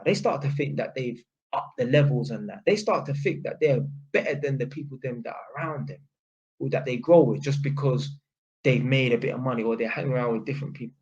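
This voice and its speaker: A man's voice: mid-range voice, a little fast, a little mellow, dull audio. A young man with a London accent, talking straight to camera in a blunt, casual monologue full of street slang, swearing and repeated "innit". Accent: London (Multicultural London English). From England. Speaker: vlogger.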